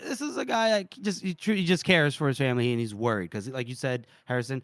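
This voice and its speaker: A man co-hosting a podcast, casually retelling a book chapter with animated delivery, laughing and swearing. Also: mid-range voice, fast talker, no room sound, clean studio sound. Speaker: podcast co-host.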